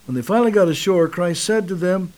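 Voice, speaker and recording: A man preaching a sermon on the radio, measured and dramatic, pausing for effect and reading scripture aloud. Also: high voice, darkish tone.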